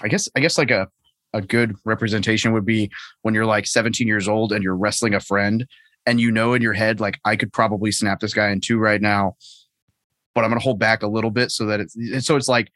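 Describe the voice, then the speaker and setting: A man's voice: fairly low pitch, quick pace, fairly bright tone, dry recording. A man on a remote call as a podcast guest, talking casually and self-deprecatingly, with lots of fillers and restarts. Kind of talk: casual conversation.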